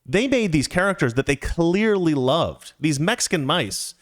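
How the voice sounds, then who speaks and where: Man, middle-aged, casual storytelling, chatty and rambling, lively swooping pitch. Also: normal speed. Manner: chatty, rambling, with frequent restarts and playful asides.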